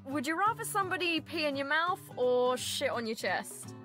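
A woman's voice: high voice, animated, moderate pace, pushed and bright, soft background music. A woman voicing a crude, teasing young woman on a date in a video game.

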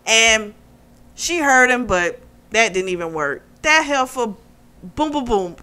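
Woman book reviewer, chatty and giggly, bright and smooth tone, retelling plots. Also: on the high side, animated, measured pace. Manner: chatty plot retelling, laughing often. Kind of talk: casual chat.

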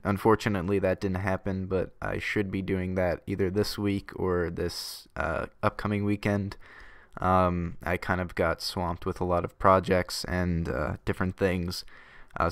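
Low monotone male YouTuber, smooth voice, rambles casually with fillers. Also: no echo, studio quality. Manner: rambling, full of ums and uhs. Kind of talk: casual thank-you vlog.

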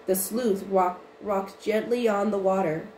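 Woman reading a story aloud, roomy sound. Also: mid-range voice. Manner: even, unhurried reading with small restarts. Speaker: audiobook reader. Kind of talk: storybook narration. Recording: roomy with faint noise.

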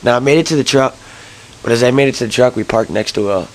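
A young man telling a rambling story to camera, early in the morning, swearing and jumping to high yelps when he gets excited. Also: quick pace, a little hiss or hum, low-quality recording. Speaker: vlogger.

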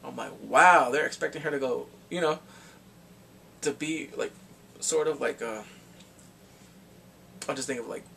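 A man's voice: mid-range voice, measured pace, creaky, long pauses, sharp tone, a little hiss or hum. A man recapping an anime episode in a casual review, acting out scenes with laughs and exclamations.

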